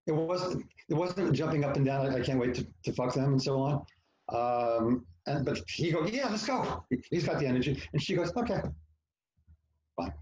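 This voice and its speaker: A man tells a personal story as a podcast guest, blunt and profane, slipping into the voices of the people in it. His voice sits at an ordinary middle pitch. The recording sounds roomy and a little muffled, like a home setup. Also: a little mellow. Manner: frank, profane, self-mocking, acts out quoted lines. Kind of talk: candid storytelling in conversation.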